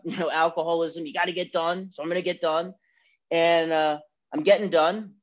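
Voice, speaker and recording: A man speaking candidly and with self-mockery as he tells his own recovery story at a meeting. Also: on the high side. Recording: dull lo-fi recording.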